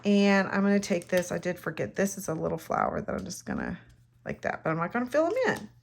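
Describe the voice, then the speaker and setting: A woman's voice: lowish voice, wildly swooping pitch, quick pace, creaky, noisy background. A middle-aged woman, chatting casually and rambling while demonstrating a craft. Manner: chatty, rambling, self-mocking. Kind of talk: casual crafting tutorial chat.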